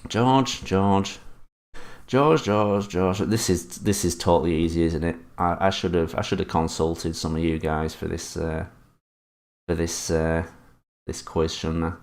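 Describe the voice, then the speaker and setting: Casting a male streamer with a gravelly, creaky voice who hosts a chat quiz and swears playfully. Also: low voice, level tone, unhurried. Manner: swears often and teases the chat. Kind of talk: live-stream chat reading.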